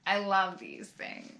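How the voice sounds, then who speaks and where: A middle-aged woman chatting casually as she opens fan mail at home, gushing and exclaiming, with soft sighs and laughs. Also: medium pitch, creaky, background noise. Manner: often sighs and laughs softly. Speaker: vlogger opening fan mail. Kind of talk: casual chat.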